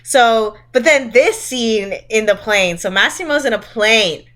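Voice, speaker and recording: A woman's voice: a little high, a little slow, slight background noise. Chatty, laughing woman podcast co-host. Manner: chatty, animated, laughs often. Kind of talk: casual chat, movie roast.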